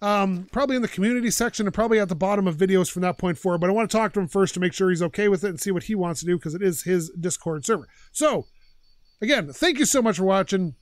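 A man's voice: sits high, fast, dry recording. A man hosting his own gaming channel, chatting and ranting in an opinionated way while he plays. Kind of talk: casual gameplay commentary.

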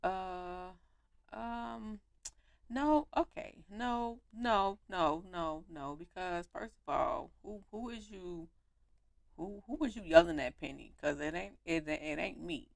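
A young woman giving animated, slangy commentary while playing a life-sim game on her home mic. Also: lowish voice, takes it slowly, vocal fry, no echo. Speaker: gaming YouTuber. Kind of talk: let's play commentary.

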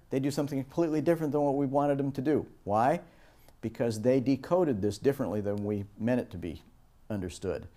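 A middle-aged man lecturing on teamwork, his tone mellow and relaxed. He tells stories and slips into higher voices for the people he quotes. His pitch sits at an ordinary middle height. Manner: storytelling, acts out quoted voices with raised pitch. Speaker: instructor. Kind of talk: recorded lecture on project teamwork.

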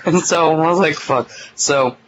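A young man of middling pitch tells a story in a loose, rambling way, filling his sentences with "like" and the odd curse. It sounds like a relaxed chat recorded on a phone, with a faint hiss underneath. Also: moderate pace, lo-fi sound. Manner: rambling, full of "like" and mild swearing. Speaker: podcast host.

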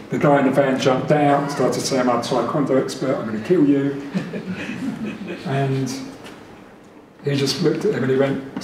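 A man presenting to a meeting in a chatty, lively way, laughing now and then. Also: medium pitch. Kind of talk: talk to a room. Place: meeting room. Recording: echoey room, distant mic, noise.

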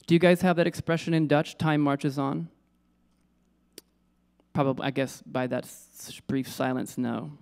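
A man with a slightly high, steady, gravelly yet smooth voice gives an informal poetry lecture in a lecture room at an unhurried pace. He pauses often and muses aloud in a casual way, restarting his thoughts and putting questions and asides to his audience.

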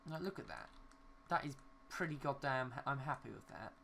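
Brisk and pushed, with vocal fry and a bright edge, a medium-pitched young man talks over slight background noise. As a gaming YouTuber building in a city game, he rambles to himself and curses mildly at glitches.

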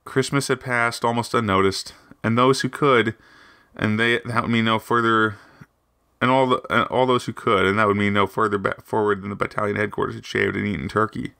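A man reads a wartime account aloud as a podcast host. He stumbles and restarts often. His voice is low and gravelly with a bright, forceful edge, and it sounds dry and close. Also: steady tone, dry recording. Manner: halting, with frequent restarts. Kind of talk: reading aloud.

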